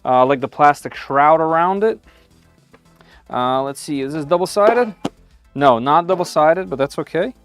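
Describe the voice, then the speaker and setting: A man's voice: on the high side, animated, moderate pace, clear, resonant tone, faint music behind. A man giving live-stream commentary while unboxing a machine in his home workshop, thinking aloud with frequent "uh"s and small restarts.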